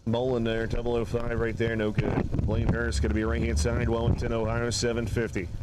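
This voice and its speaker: A man's voice: mid-range voice, monotone, brisk, over loud music. A man announcing drag races live from the tower, mixing results with folksy joking banter. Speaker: race announcer. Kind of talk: live drag race commentary. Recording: noisy live track audio. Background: race cars and track noise.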